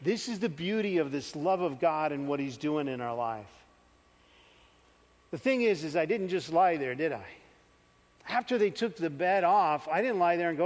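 A man with a high voice preaches and tells a story from his own life, acting out the scenes as he goes. His voice rings through a large church hall with a long echo. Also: normal speed. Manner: animated storytelling, acts out his younger self. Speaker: pastor. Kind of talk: sermon with personal story.

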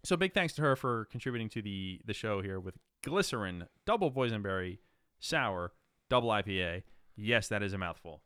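A man's voice: lowish voice, expressive, normal speed, fairly bright tone, smooth, no room sound, studio quality. A man hosting a casual beer-tasting show, rambling and joking with lots of fillers and restarts. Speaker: podcast host. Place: room in New Jersey.

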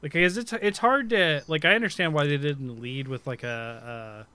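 A man's voice: on the high side, normal speed, sharp tone, clear, resonant tone. A man co-hosting a casual gaming chat, rambling and correcting himself, laughing often. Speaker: podcast co-host.

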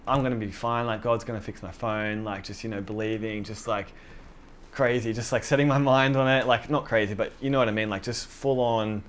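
A young man with a somewhat low voice tells a sermon story in a loose, self-deprecating way. He talks in a chatty style, full of fillers and quoted asides. Faint ambient noise sits under the recording. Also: a bit bright. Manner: conversational, self-deprecating, lots of fillers, quoting himself. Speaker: preacher.

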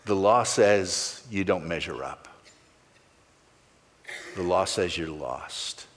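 A man's voice: sits low, expressive, slow, fairly bright tone, long reverb tail, slight background noise. A male pastor preaching a sermon, stressing key words with sweeping rises and falls.

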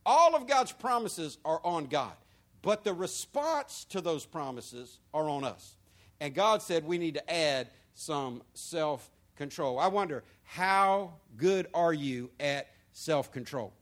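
A male pastor preaching a sermon, moving between quiet asides and loud, emphatic points. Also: fairly high pitch, takes it slowly. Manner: lively preaching with swings from soft to loud.

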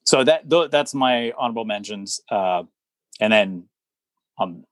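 A man's voice: on the low side, expressive, a little slow, no room sound. A man co-hosting a podcast in casual chat, easygoing, starting with hesitant fillers. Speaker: podcast co-host. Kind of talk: casual chat about martial arts films.

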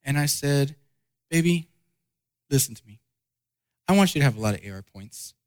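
A man's voice: fairly high pitch, expressive, normal speed, darkish tone. A man preaching a sermon as pastor, earnest and emphatic, driving points home by repetition and personal stories.

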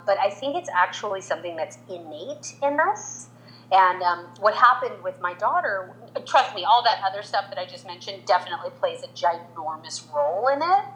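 A woman's voice: normal speed, slight background noise, low-quality recording. A woman in her forties, a veteran makeup artist, telling a personal story in an interview and acting out the quoted lines. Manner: animated, acts out quotes in higher voice.

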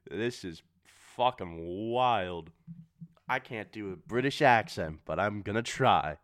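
A man's voice: lowish voice, expressive, slow pace, a bit bright, dry recording, clean studio sound. A man reading fan fiction aloud, breaking off for sarcastic, swearing asides. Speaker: reader.

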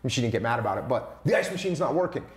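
A man speaking forcefully in an interview, repeating his key points and acting out quoted lines. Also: mid-range voice, lively intonation, very fast, roomy sound. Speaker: guest, former Navy SEAL leadership author. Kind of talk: emphatic explanatory interview talk.

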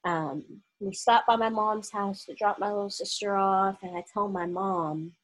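A young woman from Oklahoma with a husky voice, telling a personal story straight to camera. She talks casually and acts out the voices of people in the story. Her voice sits at a middle pitch. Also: a little slow, low-quality recording. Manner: animated storytelling, acting out quoted voices.

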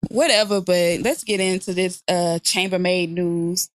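A woman's voice: on the low side, fairly even intonation, a little slow, dry recording. A woman co-hosting a casual podcast, talking bluntly and profanely and laughing often. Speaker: podcast co-host.

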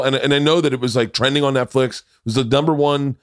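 A man hosting a podcast, telling animated, profane anecdotes and acting out what others said in casual chat. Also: a little high, fast. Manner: animated anecdotes, acts out others' lines, swears freely. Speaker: podcast host.

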